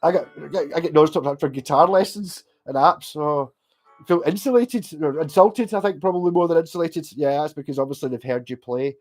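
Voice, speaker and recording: A man's voice: on the high side, a little fast, darkish tone, faint music behind. A Scottish man with a slightly raised voice chats through a livestream and answers viewers as he goes. He rambles, swears freely and restarts his sentences often, in a loose, casual way. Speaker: livestream host.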